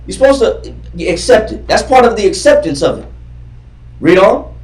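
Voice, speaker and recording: The recording, made from far off in a roomy classroom, catches a man teaching a Bible class in a high, sing-song, slightly mellow voice at normal speed. He quizzes his readers as he goes, teaching scripture in a fervent, repetitive, emphatic way.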